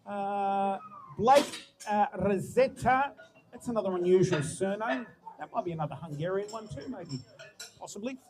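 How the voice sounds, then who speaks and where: A man announcing lifters at a powerlifting competition, chatty and musing aloud between loud cheers for good lifts. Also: high voice, lively intonation, normal speed, noisy background. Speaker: meet announcer. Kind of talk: live powerlifting commentary.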